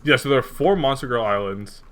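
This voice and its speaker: A man's voice: medium pitch, animated, a little fast, a bit bright. A man co-hosting a comedy podcast, chatting casually, laughing often and reading reviews aloud with mock seriousness. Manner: laughing, joking, reads reviews aloud mockingly. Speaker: podcast co-host.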